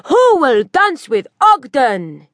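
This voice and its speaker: A lonely male ogre from a children's storybook drags out each word in simple, broken grammar, as a woman narrator puts him on. He sounds oddly altered and very slow. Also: sits high, sing-song, no room sound, clean studio sound, full character voice. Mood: plaintive, hopeful. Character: lonely, simple-minded male ogre who dreams of dancing.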